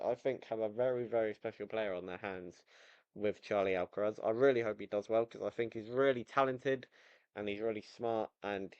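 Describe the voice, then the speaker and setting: A man's voice: medium pitch, no room sound, lo-fi sound. Chatty young man with a dry close voice. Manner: chatty, jokey asides, frequent ums and self-corrections. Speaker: football vlogger. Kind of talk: casual solo commentary on transfers.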